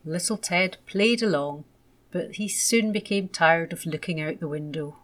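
A woman reading a children's story aloud in a gentle, measured way. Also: lowish voice.

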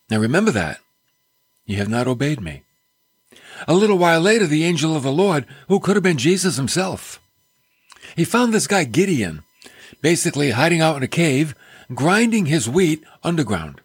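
A man delivers a folksy radio sermon from a studio, throwing in playful asides. His voice sits a little high and swings widely in pitch. It has a husky edge, recorded dry and close, with faint music behind. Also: moderate pace, long pauses, no room sound. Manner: folksy, animated, joking asides. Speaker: radio Bible teacher and host.

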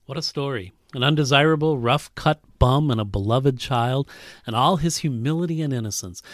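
A male pastor preaching, reading a story aloud and voicing its characters, earnest and dropping to a soft hush at tender moments. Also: no room sound, studio quality. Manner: reads a story aloud, voicing characters with big pitch jumps. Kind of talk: sermon with read-aloud story.

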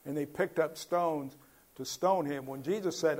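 A man's voice: fairly high pitch, unhurried, darkish tone. A man preaching a Bible-teaching sermon in a conversational way, asking his listeners questions and building to emphatic points.

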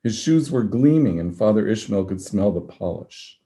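Man, author, reading fiction aloud, deep voice, mellow tone, steady pace. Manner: steady, measured storytelling. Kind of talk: reading his novel aloud.

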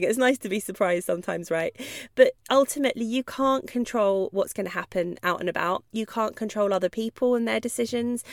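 Woman, podcast host, chatty and quick to laugh, dry close sound. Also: mid-range voice, vocal fry, no echo. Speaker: podcast host, dog trainer. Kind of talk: podcast monologue.

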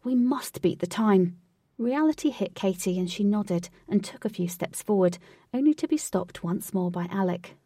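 A woman narrating a storybook in an even, clear reading voice. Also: mid-range voice, normal speed, no room sound, clean studio sound, recorded from a distance.

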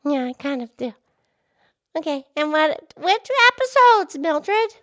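A squeaky bubbly pig host. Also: female voice, very animated, measured pace, a bit bright, exaggerated voice. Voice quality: very high squeaky put-on voice. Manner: bubbly, enthusiastic. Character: cheerful cartoonish pig girl podcast host. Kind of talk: kids' podcast character play.

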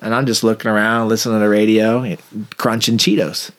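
A former police officer telling a funny story in a wry, conversational manner. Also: male voice, fairly low pitch, flat delivery, a little fast. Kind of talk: anecdotal interview storytelling.

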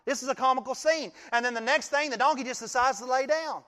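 A male pastor giving a sermon, telling the story in an animated way and often laughing. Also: very high-pitched, quick pace, long reverb tail.

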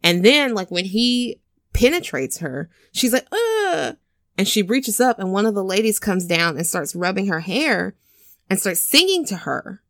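A woman's voice: mid-range voice, expressive, normal speed, a bit bright, no room sound, studio quality. Chatty woman retelling a story. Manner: chatty storyteller, many "like"s, acts out scenes. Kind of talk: casual chat recapping a film.

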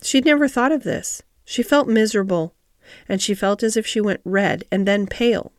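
A woman narrating an audiobook of a classic story in a calm, measured reading style. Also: mid-range voice, no room sound, studio quality.

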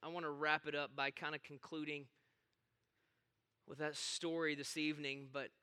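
A man's voice: on the high side, little pitch movement, normal speed, bright, forceful tone, clean tone. A man preaching a sermon in a conversational tone that builds to emphatic points. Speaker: pastor.

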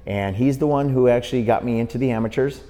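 In a big-sounding room, a fast-talking man with a mid-range voice spins a lengthy tale during an interview. He's a middle-aged Wisconsin boxing referee on a podcast, a lively storyteller who performs the voices of those he quotes.

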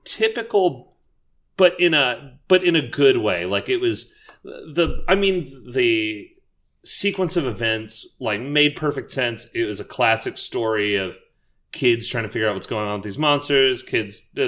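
Dude cohosting a film podcast, lively up and down voice, dry wisecracks. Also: male voice, mid-range voice, a little slow. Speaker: podcast co-host. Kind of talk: casual chat.

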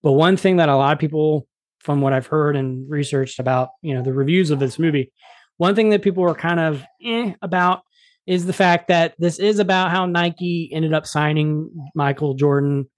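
A man's voice: fairly high pitch, steady tone, normal speed, dry recording. Enthusiastic man reviewing movies, dry sound. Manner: enthusiastic, frequent word repeats. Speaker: podcast host. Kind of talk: casual movie review chat.

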